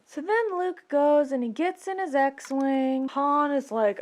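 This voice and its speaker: A woman with a fairly high voice tells a comedic movie recap. Her delivery is rambling and playful, and she adds her own sound effects along the way. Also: moderate pace, few pauses, a little mellow. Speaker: video creator.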